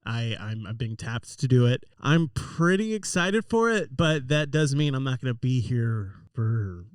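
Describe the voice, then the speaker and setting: A man co-hosting a casual comedy podcast, spinning absurd bits with a straight face. His voice is smooth and clean but sits a little away from the mic, in a dry space. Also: mid-range voice, a little slow, no echo, far from the mic. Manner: deadpan mock-serious bits, frequent fillers. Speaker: podcast co-host.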